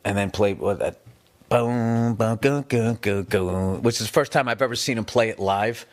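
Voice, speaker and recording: A man in his fifties telling rambling, profane stories in a casual rant, animated and quick to swear. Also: on the low side. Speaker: comedian. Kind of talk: casual podcast-style rant.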